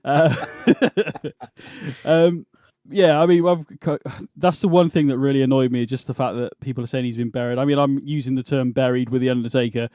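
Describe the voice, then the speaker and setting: A British man hosts a wrestling podcast in a dry, deadpan, laid-back manner. His voice sits at an ordinary middle pitch for a man. The recording is dry and close. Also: moderate pace, no echo. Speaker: podcast host. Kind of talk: casual wrestling chat.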